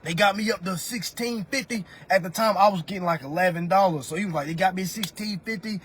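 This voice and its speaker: This thirties-aged livestreamer's voice is high, fast, a bit bright and breathy as he hands out money advice over a phone mic. He rants in a preachy, profane way, speaking straight to viewers he calls family.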